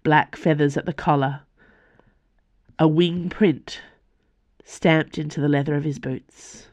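A woman's voice: low voice, steady tone, darkish tone, no room sound. Woman narrating a fantasy story, dry close mic. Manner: measured storytelling. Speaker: author and podcast narrator.

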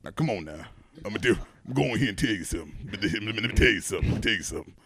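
A man voicing a folksy old man who preaches in a slow drawl. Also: lowish voice, animated, a bit bright, pitched below the performer's own voice. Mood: preachy.

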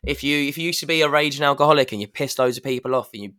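A man's voice: medium pitch, rapid-fire, pushed and bright. A man on a podcast, talking candidly in a rambling, self-correcting way. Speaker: podcast guest. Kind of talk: casual chat.

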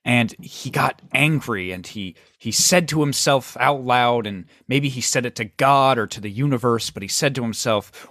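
A man's voice: mid-range voice, moderate pace, hardly any pauses, fairly bright tone, no echo, studio quality. A man hosting a casual chat and improvising a rambling, dramatic story. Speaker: podcast host.

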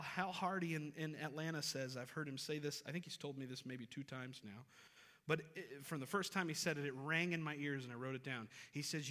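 A man preaching in a church sanctuary, his bright, sharp voice ringing through a hall with long reverb. He moves from easy, conversational talk to emphatic, repeated lines, sitting a bit higher than most men. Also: fairly even intonation, a little fast. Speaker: pastor. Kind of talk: sermon.

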